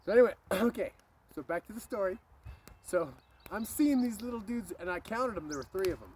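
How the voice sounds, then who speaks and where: A man telling a spooky childhood story outdoors in a rambling, animated way, swearing and breaking off for passing cars. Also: high voice, a little fast. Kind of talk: casual outdoor storytelling to camera. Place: outdoors by a street. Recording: street traffic noise behind.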